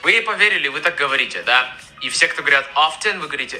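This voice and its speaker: A man's voice: a little high, animated, rapid-fire, sharp tone, faint music behind, poor audio. A man teaching pronunciation in an instructional video, explaining word by word. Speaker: language teacher.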